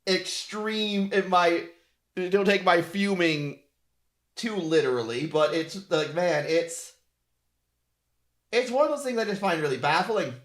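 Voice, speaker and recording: Sarcastic, animated man ranting on stream. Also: sits high, measured pace, long pauses. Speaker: VTuber streamer. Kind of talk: casual stream rant.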